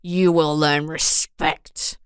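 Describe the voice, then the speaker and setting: Brief: storybook heavy, a raging middle-aged father, snarling and low, as a woman reader puts him on. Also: steady tone, a little slow, creaky, no echo, clean studio sound. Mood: menacing. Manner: snarling, threatening.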